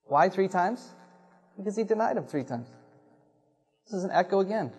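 Pastor, male, fairly high voice; earnest, reflective sermon with emphatic repeats. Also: expressive, moderate pace, a little mellow, breathy edge.

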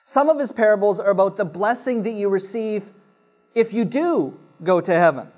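A pastor in church reads a scripture passage aloud, then explains it to the congregation in a sermon, often pausing on uh and restarting phrases. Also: medium pitch, lively intonation, darkish tone.

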